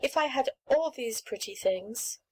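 A woman voicing an eager little girl of about seven who pleads for pretty things, speaking high and excited. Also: unhurried, slightly rough, rough recording.

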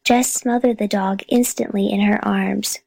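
A woman narrating a children's chapter book in a calm, steady reading voice. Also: medium pitch, measured pace, gravelly, husky, dry recording, low-quality recording. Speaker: audiobook reader. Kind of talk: storybook narration.

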